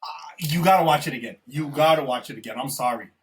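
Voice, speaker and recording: A young man co-hosting a podcast in casual, animated chat, swearing often and calling his friend "bro". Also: medium pitch, quick pace, far from the mic. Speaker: podcast co-host.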